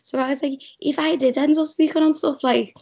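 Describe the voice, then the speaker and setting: A woman's voice: high-pitched, fairly even intonation, a little fast, creaky, darkish tone. Young woman, broad Scouse accent, chatty and rambling, on a dull lo-fi call line. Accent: Scouse (Liverpool). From Liverpool, England. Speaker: guest, radio producer. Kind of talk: casual podcast chat. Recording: dull lo-fi remote call audio.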